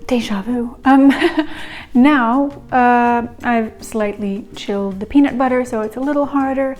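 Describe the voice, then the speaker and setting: A woman's voice: fairly high pitch, steady tone, a little slow, a little mellow, soft background music. A young woman chatting casually through a home cooking vlog, giggly and rambling with little asides. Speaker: home cook vlogger.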